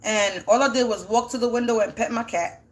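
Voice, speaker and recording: A woman with a high voice that sounds teary, as if she is close to crying. She gives a casual spiritual reading, thinking aloud in a rambling way as she poses questions and answers them herself. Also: brisk. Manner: rambling, asks and answers her own questions. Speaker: spiritual energy reader.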